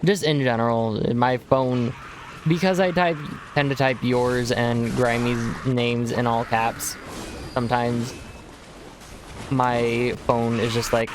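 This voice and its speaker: A man's voice: medium pitch, fairly even intonation, slow pace. A man from Texas streaming a game, chatting casually in a rambling way and breaking into silly voices now and then. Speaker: gaming streamer. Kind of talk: casual chat while playing. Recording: noisy stream audio.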